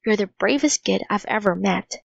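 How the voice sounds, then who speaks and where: A woman voicing a calm, thoughtful young boy who speaks softly and earnestly, on a dull lo-fi recording. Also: medium pitch, moderate pace, creaky, slight background noise. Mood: gentle. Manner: soft, steady, earnest.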